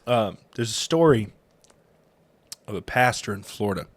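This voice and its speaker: A man co-hosting a casual podcast, telling a story in a relaxed, halting way. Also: lowish voice, no room sound. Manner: telling a story with fillers and restarts. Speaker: podcast co-host.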